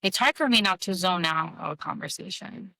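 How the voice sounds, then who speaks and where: A woman in her thirties co-hosting a casual podcast, talking haltingly with many restarts and fillers. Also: fairly low pitch, expressive, creaky, bright, forceful tone, no echo, rough recording. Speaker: podcast co-host. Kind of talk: casual heartfelt conversation.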